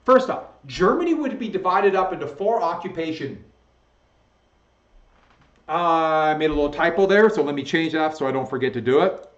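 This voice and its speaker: A man's voice: a little high, animated, normal speed. Male teacher, echoey lo-fi lecture. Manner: conversational, self-correcting, chuckles at own slips. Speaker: history teacher. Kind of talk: recorded slideshow lecture. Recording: echoey room, dull lo-fi sound.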